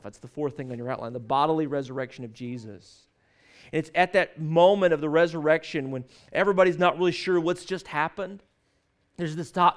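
High-voiced emphatic man preaching. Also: fairly bright tone. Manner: emphatic, slows down to stress scripture, asks the congregation to repeat. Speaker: pastor. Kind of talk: sermon.

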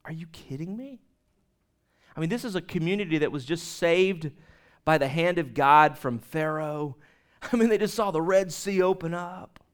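A male pastor delivers a sermon with a fairly high, smooth and resonant voice. He tells stories in an animated, conversational way and talks straight to his listeners. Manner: conversational, animated storytelling with laughs and asides.

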